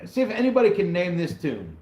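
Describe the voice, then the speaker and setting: Guy in his 40s chatting on a livestream, laughing thru a story, echoey room, guitar loud behind him. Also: sits high, huge pitch swings, quick pace. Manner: chatty, laughs through his story, greets viewers by name. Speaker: vanlife channel host. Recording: roomy echo with loud guitar music.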